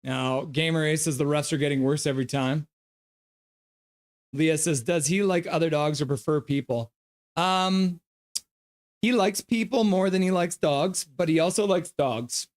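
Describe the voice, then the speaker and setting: Higher-voiced man streaming a game. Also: measured pace. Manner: reads viewer comments aloud; gives loose play-by-play. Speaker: live stream host. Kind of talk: casual live game reaction and chat reading.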